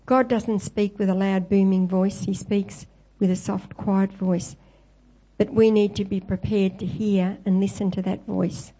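Mellow-voiced woman preaching a sermon. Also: mid-range voice, little pitch movement, unhurried, low-quality recording. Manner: storytelling, quoting scripture with lifted voice.

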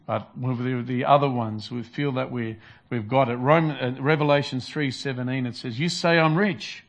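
A man's voice: mid-range voice, fairly even intonation, normal speed. A man preaching a sermon in an earnest, repetitive style, restarting phrases as he builds his points. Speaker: pastor.

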